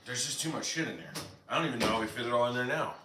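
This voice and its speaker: A man's voice: medium pitch, rapid-fire, roomy sound, background noise. A man hosting a casual live stream from the United States, chatting with viewers and answering their comments, with lots of "like" fillers. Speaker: live-stream cooking host.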